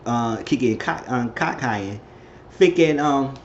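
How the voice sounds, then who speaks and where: A man talks through a reality show recap in a loose, rambling way, slipping into what each person said. His voice sits at an ordinary middle pitch. The recording is a bit dull and lo-fi, with a faint hiss behind it. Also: animated, measured pace. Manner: rambling storyteller, acts out quotes. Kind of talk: casual recap vlog. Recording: slightly dull lo-fi audio.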